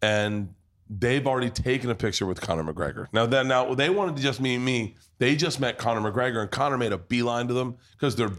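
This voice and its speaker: A man's voice: medium pitch, a little fast, fairly bright tone. A man hosting a podcast in a pub, telling a rowdy story full of swearing in casual chat. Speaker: podcast host.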